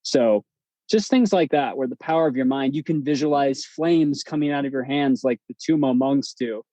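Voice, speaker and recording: A man, a guest on an interview podcast, telling stories in a relaxed, chatty way with plenty of fillers and restarts. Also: medium pitch, normal speed, no echo, muffled recording. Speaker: podcast guest, breathwork instructor. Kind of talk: casual storytelling interview.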